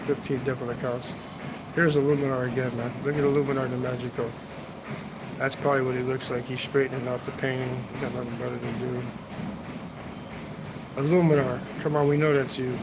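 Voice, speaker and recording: Speaking briskly at a medium pitch with fairly even intonation, a travel vlogger livestreams from an outdoor seating area on a hotel rooftop. He rambles and swears in casual chat, finishing his sentences with "man," as noise carries in the background.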